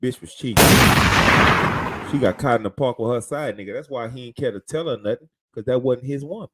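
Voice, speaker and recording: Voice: mid-range voice, a little fast, a little mellow, breathy edge, no echo. A podcast co-host in casual chat, talking in a blunt, slangy way.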